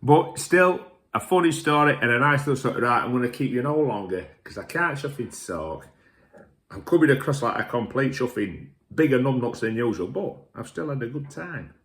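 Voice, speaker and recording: A man's voice: mid-range voice, normal speed. A middle-aged man, a little tipsy, rambling through jokey stories and swearing mildly in nearly every sentence. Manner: animated, jokey and self-mocking. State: tipsy from drinking whisky. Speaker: whisky reviewer and vlog host. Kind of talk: rambling casual storytelling.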